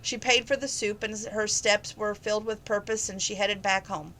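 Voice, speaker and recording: A woman's voice: medium pitch, steady tone, moderate pace, bright, forceful tone, rough recording. A woman narrating a novel in a casual read-aloud style, plain and unpolished, stumbling and restarting now and then. Her voice sits in a middle register, with a faint background hiss. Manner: plain, with small slips and restarts. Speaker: reader.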